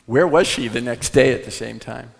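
A man's voice: mid-range voice, moderate pace, gravelly. A man giving a live conference talk on sales, telling stories and acting out the people in them. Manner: animated storyteller who acts out quoted voices. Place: large conference hall. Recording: long hall reverb.

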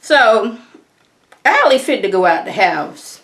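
A woman casually recapping a TV episode in colloquial, animated speech. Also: fairly high pitch, takes it slowly, pauses often. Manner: animated, colloquial, acts out characters' lines. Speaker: TV show reviewer.

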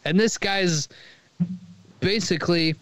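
A man's voice: high-pitched, slow, fairly bright tone, no room sound. A man co-hosting a podcast in casual chat, joking and riffing crudely. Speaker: podcast co-host.

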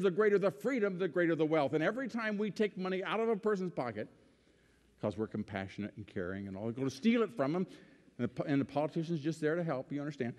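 A middle-aged man addresses a live audience with folksy anecdotes, slowing down to pause for effect. He builds to fervent, emphatic peaks. His voice carries with a long reverb through a large hall. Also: a little high, animated, a little mellow. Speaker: political speaker. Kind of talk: public speech to an audience.

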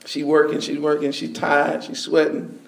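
A man preaching a sermon, telling a story with bursts of shouting and laughter. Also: on the high side, completely flat delivery, normal speed, creaky, echoey room.

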